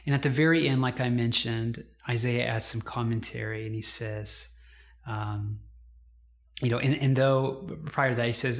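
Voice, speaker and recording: A male pastor delivers an earnest, conversational sermon. His voice sits in a middle register, and he slows right down to weigh each quoted line. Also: mid-range voice, steady tone. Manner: earnest, conversational preaching with slowed, emphatic quotations.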